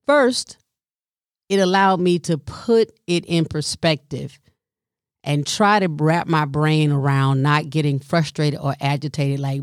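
A middle-aged woman caring for her mother, telling a personal story in an animated, colloquial way and sometimes dropping into a whisper. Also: low voice, no room sound, clean studio sound. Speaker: family caregiver.

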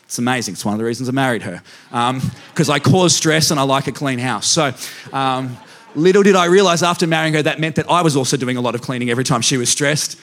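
A man's voice: medium pitch, fast, fairly bright tone. A man pastor giving a humorous sermon in a church, self-mocking and speaking directly to the congregation. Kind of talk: humorous sermon with personal stories.

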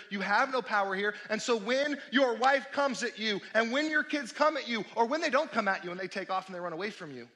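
High, bright-voiced male pastor preaching. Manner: animated preaching, swings between loud exclamations and quiet asides. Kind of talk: sermon.

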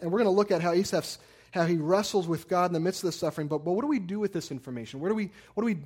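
A man's voice: a little high, a little mellow. A man in his thirties preaching a sermon, earnest, often repeating words as he builds a point and tells stories. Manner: earnest, repeats words when emphasizing, storytelling asides. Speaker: pastor.

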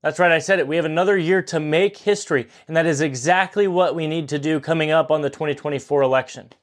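A young man in his twenties with a slightly higher voice talks straight to his listeners as host. He is earnest and pleading, hammering points home by repeating them. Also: quick pace. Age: 20s. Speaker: podcast host. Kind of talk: impassioned political monologue.

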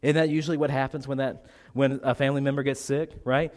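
A man's voice: medium pitch, steady tone, quick pace, hardly any pauses, a little mellow. A man preaching a sermon as pastor, earnest, with repeated phrases and rhetorical questions, still a little congested. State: slightly congested.

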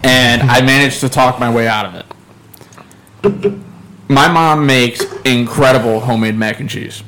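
A man's voice: medium pitch, measured pace, fairly bright tone, poor audio. A man co-hosting a podcast, chatting casually and pushing back dryly when teased. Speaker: podcast co-host. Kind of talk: casual chat.

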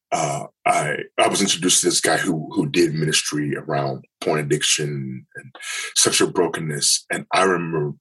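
A man telling a personal story in an interview, earnest and halting, often restarting his sentences. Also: extremely low pitch, fairly bright tone, slightly rough, poor audio. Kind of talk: candid personal testimony.

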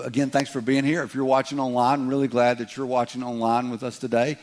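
Man, pastor, Southern accent, sermon, folksy, joking, mid pitch. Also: level tone, brisk, few pauses. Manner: folksy and joking, speeds up when reading scripture. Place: church sanctuary.

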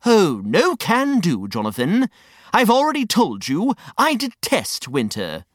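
A woman's voice: medium pitch, huge pitch swings, a little slow, no room sound, clean studio sound, pitched above the performer's own voice. A woman voicing a pompous, grumpy older male know-it-all with a huffy manner. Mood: indignant.

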